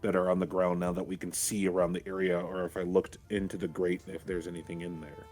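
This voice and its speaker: A man's voice: low voice, level tone, fast, a little mellow, soft background music. A man playing a tabletop game, asking questions hesitantly with many restarts. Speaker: player. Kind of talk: casual tabletop play.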